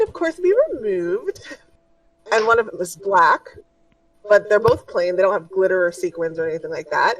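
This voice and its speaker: A woman's voice: on the low side, fairly bright tone, dry recording, distant mic, rough recording. A woman narrating as game master of a tabletop game, in loose, rambling narration full of fillers.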